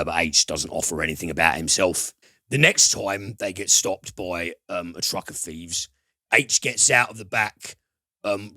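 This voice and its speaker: A low-pitched man hosts a casual film podcast, walking through a plot in a halting way, full of ums and uhs and the odd swear word. His tone is bright and forceful, and the recording is dry and close with no room echo. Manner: hesitant, filler-heavy plot retelling with casual swearing. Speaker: podcast host, film reviewer. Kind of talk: casual film review chat.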